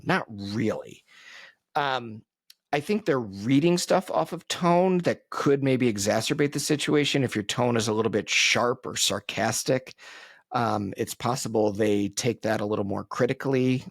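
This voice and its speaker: A man's voice: medium pitch, creaky, no room sound. A man hosting a solo podcast, talking in a conversational, reflective way with frequent ums and asides, close to the mic. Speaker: podcast host.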